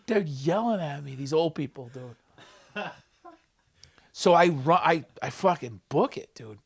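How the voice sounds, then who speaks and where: A man, a comedian guest on a podcast, telling a story with a profane, excitable manner and loud acted-out quotes. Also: on the high side, moderate pace. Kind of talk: animated storytelling. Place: podcast studio.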